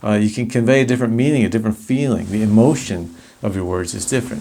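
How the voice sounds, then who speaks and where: A man's voice: on the low side, fast talker, dark tone. Man teaching a recorded speech lesson. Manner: explanatory, with demonstrations of varied delivery.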